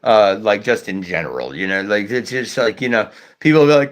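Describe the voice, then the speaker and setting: A man's voice: fairly low pitch, lively intonation, fairly quick, hardly any pauses. Blunt, profane man who stutters. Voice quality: stutters at times. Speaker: livestream host. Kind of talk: casual livestream chat.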